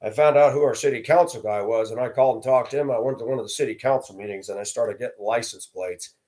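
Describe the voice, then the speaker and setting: Middle-aged male host, blunt storyteller, average pitch, talks plainly and directly. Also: fast talker, a little mellow. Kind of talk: personal storytelling monologue.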